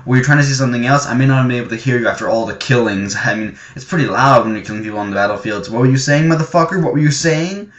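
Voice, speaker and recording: A man's voice: medium pitch, a bit bright, close to an everyday voice. A man doing a sneering, sarcastic male villain. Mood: mocking. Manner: mocking, drawn-out sarcastic questions. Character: taunting, sarcastic male villain gloating over killings. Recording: muffled echoey room recording.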